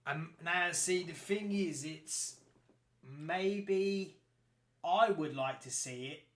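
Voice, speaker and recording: A man co-hosting a podcast, chatting excitedly, swearing a lot and acting out quotes. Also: on the high side, takes it slowly. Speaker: podcast co-host. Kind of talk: casual chat. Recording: roomy echo.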